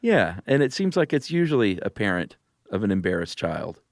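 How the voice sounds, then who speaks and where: A man co-hosting a podcast in casual chat, easygoing with dry humor and some halting restarts. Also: lowish voice, sing-song, vocal fry, dry recording. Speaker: podcast co-host.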